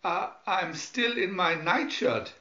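A man's voice: a little high, very animated, slow, sharp tone, heavily acted. A man voicing a pompous, cowardly doctor in a storybook reading, fussy and theatrical, recorded in an echoey, dull room. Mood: whining.

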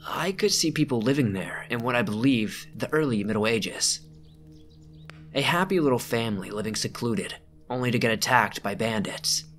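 A man reading out a first-person scary camping story as a narrator, measured and slowing down at the tense moments. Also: mid-range voice, lively intonation, fairly bright tone. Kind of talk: scripted narration.

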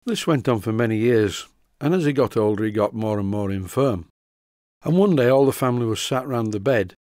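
An older man with a mild Yorkshire accent, narrating a workshop tutorial in a measured voice with deadpan dry humor. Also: fairly low pitch, dry recording. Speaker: model engineering tutorial host.

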